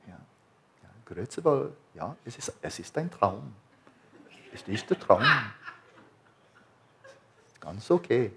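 Man playing a nonchalant lucid dreamer, mock-German, jokey, loud, lowish pitch. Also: big pitch swings, slow, creaky, pauses often, background noise, full character voice. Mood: playful.

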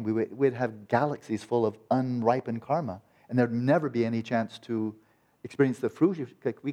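A man's voice: medium pitch, mellow. A man teaching meditation in a conversational dharma talk, acting out quoted voices and often restarting his sentences.

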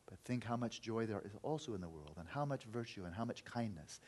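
Man, meditation teacher, reflective dharma talk, lowish pitch, breathy edge. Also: lively intonation, fairly quick, a little mellow. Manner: earnest, reflective, acts out inner voices.

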